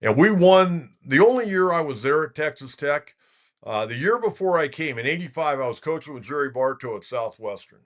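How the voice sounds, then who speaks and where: A man's voice: fairly high pitch, lively intonation, moderate pace. Rambling older man hosting sports talk. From California. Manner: folksy, rambling storyteller with many filler uhs. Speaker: sports radio host. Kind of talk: casual sports talk show.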